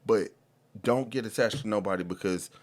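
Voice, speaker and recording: Animated slangy man hosting a podcast. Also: on the low side, normal speed. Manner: animated, slangy, repeats words when starting sentences. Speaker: podcast host. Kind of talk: casual podcast chat.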